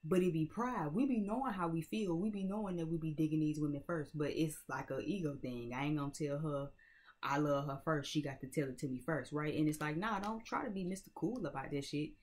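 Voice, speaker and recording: A woman with a deep, low speaking voice gives a tarot reading straight to camera. She talks casually and bluntly and swears now and then. She keeps checking in with her viewers as she goes. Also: brisk, a little mellow. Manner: conversational, keeps checking in with "right?" and "you know what I'm saying?"; blunt and streetwise, swears freely. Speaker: tarot reader.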